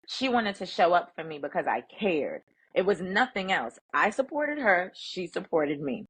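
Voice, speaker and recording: A middle-aged woman, a guest speaker, telling workplace stories in an animated, emphatic way and acting out the quoted talk. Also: lowish voice, slightly rough, rough recording. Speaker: guest, emotional intelligence speaker. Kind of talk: conversational storytelling.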